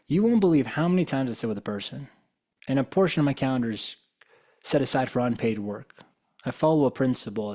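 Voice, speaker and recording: A man's voice: medium pitch, mellow. A man giving a motivational talk as a guest speaker, telling stories and pressing his audience with rhetorical questions. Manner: probing, full of rhetorical questions.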